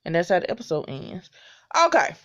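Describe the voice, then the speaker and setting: A woman casually recapping a TV episode, swearing freely and reacting with loud disgust. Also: lowish voice, sing-song, brisk, dull audio. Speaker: TV recap vlogger.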